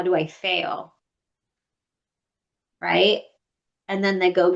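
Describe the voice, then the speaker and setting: A woman co-hosting a podcast, chatting in a heartfelt way and telling animated stories in which she acts out what other people said. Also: medium pitch, moderate pace. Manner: animated storyteller who acts out quoted people. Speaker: podcast co-host. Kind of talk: casual heartfelt conversation. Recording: slightly dull lo-fi sound.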